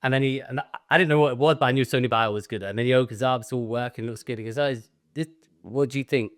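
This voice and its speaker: A man co-hosting a comedy podcast, telling a sweary, animated story and laughing as he goes. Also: mid-range voice, quick pace. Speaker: podcast co-host.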